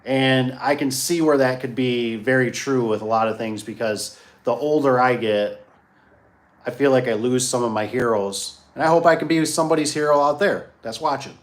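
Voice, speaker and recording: Male business owner, casual vlog ramble, folksy and repetitive, mid-pitched. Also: normal speed. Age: adult, grew up locally. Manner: rambling, repeats himself, folksy asides. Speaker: garage door business owner. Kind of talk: casual rambling monologue to viewers.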